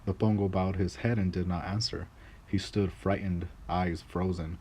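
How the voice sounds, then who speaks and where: A man narrating a folk tale in a measured, grave reading voice, with a few small restarts. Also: low voice, fairly even intonation, dark tone, slight background noise, low-quality recording. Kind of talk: storybook narration.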